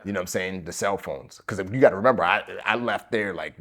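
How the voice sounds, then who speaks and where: Deep-voiced man. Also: fast talker. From the Bronx, New York. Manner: animated storyteller, acts out quotes, many fillers. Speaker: podcast guest. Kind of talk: storytelling interview.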